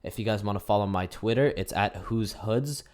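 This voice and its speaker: A man's voice: fairly low pitch, moderate pace, a little mellow. A teenage boy telling a story in a casual, swearing way, laughing as he goes. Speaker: gaming youtuber. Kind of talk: storytime narration over gameplay.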